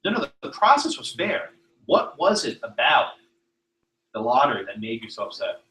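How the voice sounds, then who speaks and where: A man, a law professor, giving a classroom lecture, animated and sometimes sarcastic, putting questions to students. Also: mid-range voice, normal speed, a little hiss or hum.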